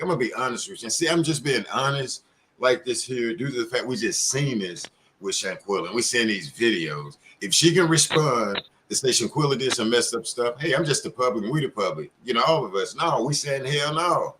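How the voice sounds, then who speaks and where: A man hosts an online panel and talks in a heated, rambling way. He is blunt and swears freely, speaking at an everyday pitch. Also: lively intonation, fairly quick, pushed and bright. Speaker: panel show host. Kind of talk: heated casual panel talk.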